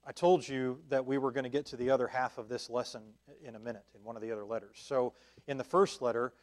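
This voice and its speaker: A man's voice: mid-range voice, fairly even intonation, quick pace. A man leading a church Bible study, talking it through conversationally with fillers and restarts and checking in with his listeners. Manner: checks in with listeners with a questioning "right?". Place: church meeting room.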